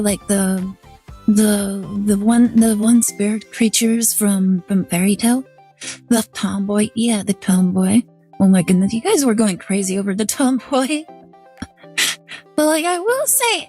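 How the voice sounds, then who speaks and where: High-voiced woman rambling through a story. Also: darkish tone, husky. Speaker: VTuber streamer. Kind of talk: casual stream chat.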